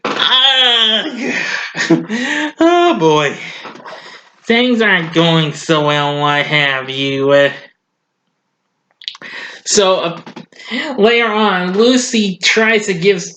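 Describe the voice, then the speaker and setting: A man casually recapping a cartoon as a reviewer, chuckling often and acting out lines in a high voice. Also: expressive, takes it slowly, long pauses, a bit bright, slight background noise.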